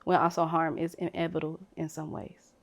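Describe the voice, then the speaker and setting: A woman speaking candidly and emotionally in a panel conversation, swinging from hushed to loud. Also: sits low, completely flat delivery, a little fast.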